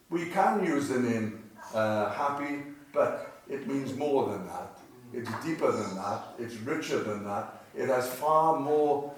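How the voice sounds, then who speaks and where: A man preaching a sermon in a chapel, conversational and emphatic, repeating phrases and asking rhetorical questions. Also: medium pitch. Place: cemetery chapel. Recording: echoey chapel, distant mic, faint noise.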